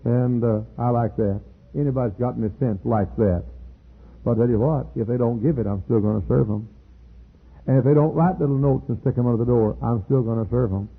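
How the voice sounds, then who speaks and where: An older man, a pastor, preaching a sermon with animated delivery and sudden leaps into high quoted voices. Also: a little fast, creaky, breathy edge. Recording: tinny phone-like archive recording.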